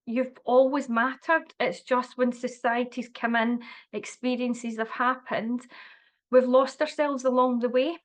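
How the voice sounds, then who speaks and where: Earnest woman in her forties, fairly high voice, lots of ums and restarts, casual chat. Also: fairly even intonation, measured pace. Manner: warm, earnest, with many fillers and restarts. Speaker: wellbeing guest. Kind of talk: casual conversation.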